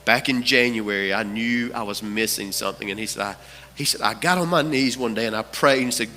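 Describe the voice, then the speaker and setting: A man's voice: mid-range voice, fairly quick, bright, forceful tone, big-room sound. A man preaching a sermon as pastor, telling a story with repeated phrases for emphasis. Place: church sanctuary.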